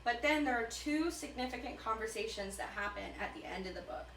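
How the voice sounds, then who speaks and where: A woman's voice: on the high side, lively intonation, brisk, fairly bright tone, a little hiss or hum. Chatty woman, distant echoey room. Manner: chatty, profane retelling in character quips. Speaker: book commentator. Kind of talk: casual commentary.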